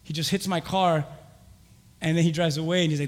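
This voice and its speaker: A young man preaching a sermon, telling a lively personal story with laughter and acted-out voices. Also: on the high side, fast talker. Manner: animated, laughing, acts out voices in his stories. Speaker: pastor. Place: church. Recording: church hall reverb.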